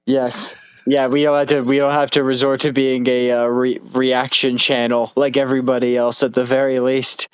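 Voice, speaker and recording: A man's voice: mid-range voice, little pitch movement, moderate pace, clear, resonant tone, no room sound, low-quality recording. A man co-hosting a comedy podcast, chatting casually with dry, sarcastic asides. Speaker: podcast co-host.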